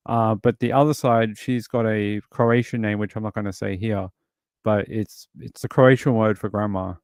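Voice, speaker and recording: A man's voice: on the low side, creaky, a little mellow, dry recording. Rambling Australian man, dry sound. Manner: rambling, chatty storytelling. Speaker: livestream host. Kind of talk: casual chat answering viewers.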